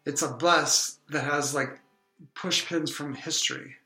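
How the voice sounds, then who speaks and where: Rambling bright-voiced man, echoey room. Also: fairly high pitch, steady tone, measured pace, soft background music. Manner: rambling, hesitant, with frequent ums and laughs. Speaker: comedy podcast co-host. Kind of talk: deadpan improvised comedy chat.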